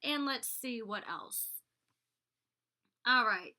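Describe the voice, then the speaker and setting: Bright-voiced chatty young woman. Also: fairly high pitch, very slow. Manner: chatty, fills talk with "like" and "you know". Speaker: reality show cast member recapping an episode. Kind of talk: casual vlog recap.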